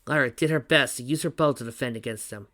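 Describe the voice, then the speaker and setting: Bright-voiced man reading a story. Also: mid-range voice, quick pace, no room sound, studio quality. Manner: steady reading with small slips and restarts. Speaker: reader. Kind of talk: reading fan fiction aloud.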